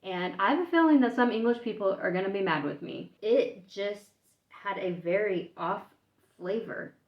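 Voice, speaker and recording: A woman's voice: mid-range voice, moderate pace. Chatty woman vlogging in an echoey room. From United States. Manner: chatty, thinking aloud while tasting. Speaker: food vlogger. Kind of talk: casual taste-test vlog. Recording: echoey room, dull lo-fi sound.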